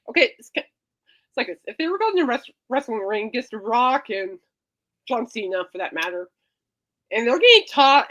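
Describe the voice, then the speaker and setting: A woman's voice: fairly high pitch, a bit bright. A woman hosting a podcast in casual chat, playful and teasing, rambling from joke to joke. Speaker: podcast host.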